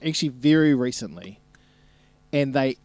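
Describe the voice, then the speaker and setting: A man's voice: mid-range voice, animated, normal speed, darkish tone, no echo. A young man, co-hosting a podcast, teasing and laughing as he asks probing questions. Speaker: podcast co-host. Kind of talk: casual chat.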